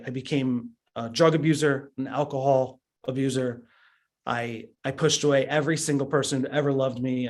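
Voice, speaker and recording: A man in his thirties giving an earnest motivational talk as a business trainer, telling his story with frequent stammered restarts. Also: medium pitch.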